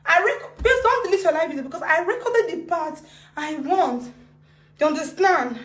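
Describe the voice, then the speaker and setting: Agitated Nigerian woman ranting live, very high voice, wildly swooping, echoey room. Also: lively intonation, moderate pace. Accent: Nigerian Pidgin. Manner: agitated, swings between laughing, crying and shouting. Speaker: live video speaker. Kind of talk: emotional live-video rant.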